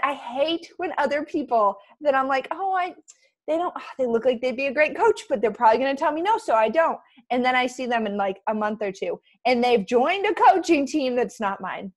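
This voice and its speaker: A young woman leading a casual motivational team call over a computer mic, chatty and excitable with quick asides. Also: high voice.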